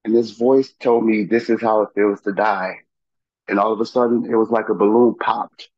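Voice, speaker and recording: A middle-aged man with a low voice tells his own story as a podcast guest, haltingly, with fillers and restarts. The sound is dull and lo-fi, close and dry, like a remote call. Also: fairly even intonation, darkish tone, dry recording. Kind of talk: telling a personal story.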